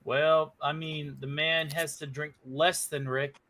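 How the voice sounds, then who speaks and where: A man who is a guest comedian in a casual livestream chat, joking in an animated way with bursts of laughter. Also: fairly high pitch, slow.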